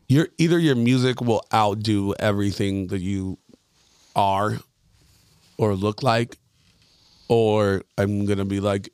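A male podcast host with a lowish voice who rambles through casual chat and swears freely. His thoughts wander off mid-sentence, and the sound is dry and close. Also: creaky, darkish tone, dry recording.

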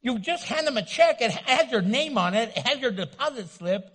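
A man preaching a sermon as pastor, loud and animated, joking and acting out little scenes. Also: extremely high pitch, normal speed, long reverb tail. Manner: loud, animated, playful with acted asides. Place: church sanctuary.

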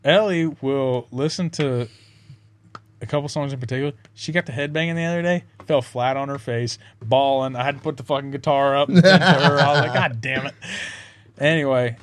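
A man's voice: medium pitch, a little fast, no room sound. A tipsy young man rambling and swearing as a podcast guest in a casual chat. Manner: rambling, swearing, laughs a lot.

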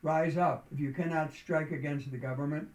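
A man voicing a male militant leader who makes a declamatory proclamation of holy war, rising to shouts. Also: on the high side, fairly even intonation, moderate pace, distant mic, lightly acted. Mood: fiery proclamation. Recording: roomy echo.

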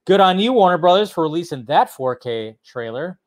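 A man hosts a casual film news livestream, taking questions from the live chat one after another. His voice sits a little higher than most men's. He talks in a loose, rambling way and swears freely. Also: expressive, a little fast. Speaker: film news channel host.

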